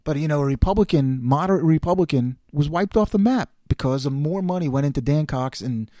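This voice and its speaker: A middle-aged man hosting a podcast, delivering an opinionated political monologue in a sarcastic, animated way. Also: fairly high pitch, brisk, dry recording, clean studio sound. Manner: animated, sarcastic, quotes others in put-on voices. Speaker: podcast host.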